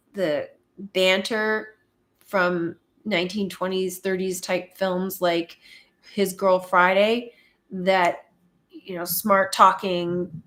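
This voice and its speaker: A woman from Canada hosts a relaxed live chat, reading out viewers' comments and answering them at a slow, easy pace. She laughs often and works through her thoughts with pauses and fillers. Her pitch sits in a middle range for a woman.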